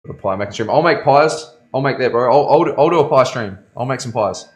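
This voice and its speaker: A man tattoos on a live stream in his studio, talking quickly with lively intonation in a mid-range voice. The chat is casual and wandering, and he calls his viewers bro and laughs often.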